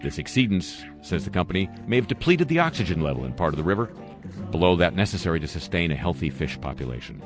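A man with a deep, low voice reads through news items as a radio host and drops dry, sarcastic jabs between them. He delivers the commentary in a satirical, deadpan way. Music plays clearly underneath his voice. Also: fast. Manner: sardonic, dry asides.

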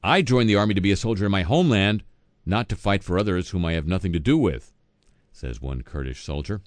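A man's voice: sits low, lively intonation, a little fast, no room sound. A man reading satirical news as host, dropping sardonic, wisecracking asides between items.

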